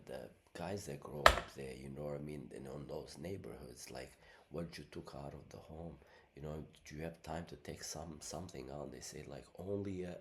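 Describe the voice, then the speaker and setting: There's slight background noise as a middle-aged Albanian-speaking man delivers a meandering, casual monologue in a rumbling low voice. Congested after a month of being sick, he keeps reaching for fillers like "you know what I mean."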